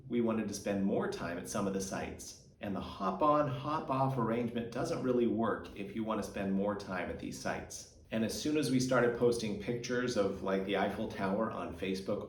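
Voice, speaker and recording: American man, chatty travel vlogger with a self-deprecating manner, low voice, roomy distant sound. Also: a little mellow, slight background noise. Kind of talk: casual vlog narration. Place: echoey room above a karaoke bar. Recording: echoey room, mic set back.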